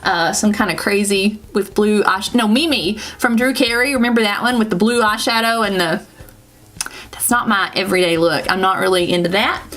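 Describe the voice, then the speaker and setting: A woman's voice: mid-range voice, moderate pace, a bit bright. Chatty Southern woman doing a makeup tutorial. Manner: chatty, rambling, self-correcting with laughs. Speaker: beauty vlogger.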